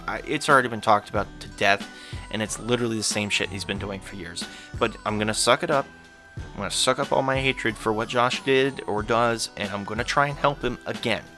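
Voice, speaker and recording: A man's voice: lowish voice, bright, forceful tone. A man delivering scripted commentary in a blunt, exasperated way. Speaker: YouTube commentator.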